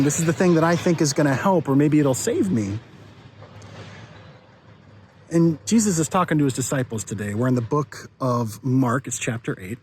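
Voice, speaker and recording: A man's voice: fairly high pitch, a little mellow, slight background noise. Conversational male pastor giving a devotional. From United States. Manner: conversational, restarts and repeats words. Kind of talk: devotional talk.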